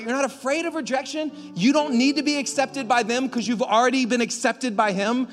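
A man preaching a sermon as pastor, energetic, climbing at times to near shouts. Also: very high voice, fairly quick, few pauses. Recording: echoey hall with faint music.

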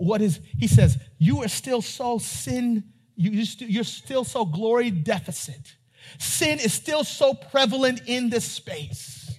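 A man preaching a sermon, reading scripture and asking his congregation questions, rising at times to near-shouting. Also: extremely high pitch, breathy edge. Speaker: pastor.

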